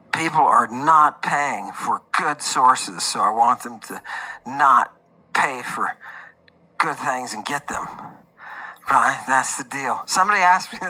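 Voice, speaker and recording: A man hosting a lively livestream lecture, joking and swinging between loud outbursts and muttered asides. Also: medium pitch, rough recording. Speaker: host.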